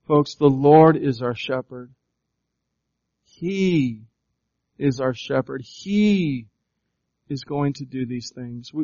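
A man's voice: on the high side, animated, slow pace, pauses often, a little mellow, no room sound. Preaching man, dry muffled sound. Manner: preaching, reading scripture aloud with rising emphasis. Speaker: pastor. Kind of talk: sermon.

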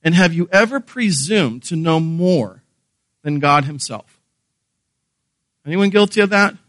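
A man's voice: a little high, lively intonation, a little slow, a bit bright, no room sound. A man preaching a sermon, earnest and emphatic, asking rhetorical questions and repeating key phrases. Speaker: pastor.

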